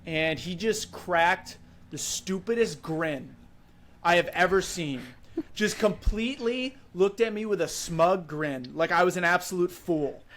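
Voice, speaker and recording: High-voiced young man telling a story. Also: unhurried, a little hiss or hum. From Wisconsin, USA. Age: 20s. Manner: animated, vivid recounting with frequent "like" and "you know". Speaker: podcast guest. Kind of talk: casual storytelling.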